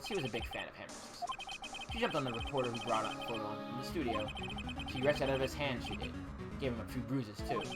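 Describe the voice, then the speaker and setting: A woman voicing a cold, scheming female film producer in a game, with slow, threatening delivery over game music. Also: extremely low pitch. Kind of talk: reading a game script aloud.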